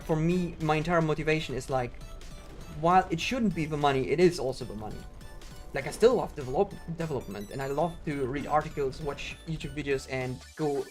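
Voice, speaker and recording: A man, rambling and ranting in casual chat while streaming a game, full of fillers. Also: on the high side. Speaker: speedrunner streamer.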